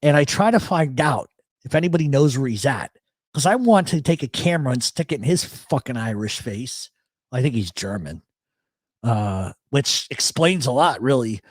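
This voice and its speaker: A man hosts a live chat show, swearing freely as he spins stories and answers the chat. His voice sits in an ordinary middle pitch. The sound is dry and close, with no room around it. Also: normal speed, dry recording. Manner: profane, storytelling, animated. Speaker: radio show host.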